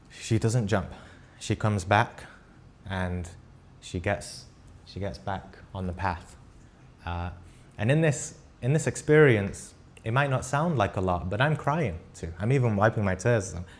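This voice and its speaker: A man teaching a live spiritual class, recounting an experience in short, earnest phrases and often checking in with "right?". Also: on the low side. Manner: talks in short halting phrases with frequent restarts.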